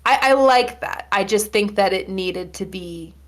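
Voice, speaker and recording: A woman co-hosting a film podcast, talking through her views in long, quick run-on analysis with fillers. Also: medium pitch. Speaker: podcast co-host. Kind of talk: casual film discussion.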